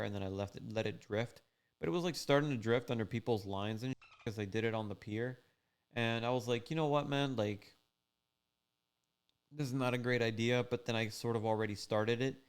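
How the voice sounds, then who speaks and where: Easygoing male fishing host, loose rambling storyteller, smooth resonant tone. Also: mid-range voice. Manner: rambling, laid-back, full of "like" and "you know". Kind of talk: casual storytelling recap.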